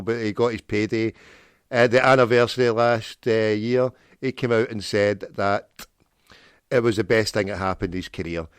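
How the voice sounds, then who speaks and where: A man's voice: on the low side, clean tone, no echo. A man hosting a prank call show, rambling off on tangents with jokey wordplay. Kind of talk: rambling solo talk with prank calls.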